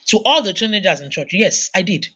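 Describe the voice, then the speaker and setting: Nigerian woman preacher, lively storyteller, parenting sermon. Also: medium pitch, brisk, husky. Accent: Nigerian English. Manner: animated storytelling, acting out voices. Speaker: conference speaker. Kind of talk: sermon-style parenting talk.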